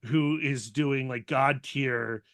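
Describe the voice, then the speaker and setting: A podcast host, a man, asking thoughtful, halting questions in a casual interview. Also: medium pitch, fairly even intonation, fairly bright tone, no room sound, studio quality.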